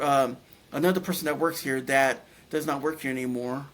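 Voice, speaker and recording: A man's voice: medium pitch, steady tone, moderate pace. A middle-aged man telling a personal story in a casual, rambling way, full of restarts and fillers. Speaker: guest telling his near-death story.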